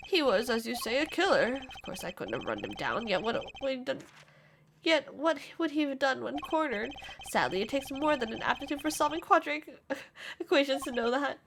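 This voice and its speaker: A woman's voice: high voice, lively intonation, normal speed, noisy background. Woman reading as a pompous, pedantic male scientist. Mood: haughty. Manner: pedantic, long-winded, formal. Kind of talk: reading game dialogue aloud. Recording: game music behind.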